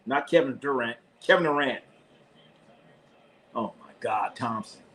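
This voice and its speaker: A man giving live play-by-play commentary in a casual sports chat, excitable, shouting at players and swearing casually. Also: medium pitch, measured pace, rough recording.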